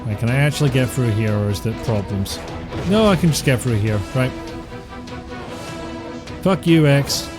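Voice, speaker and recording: Casting: male game streamer, mid pitch, chatty, joking, swears a lot. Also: lively intonation, moderate pace, long pauses, over music. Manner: joking, rambling, swears often. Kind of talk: casual gameplay commentary.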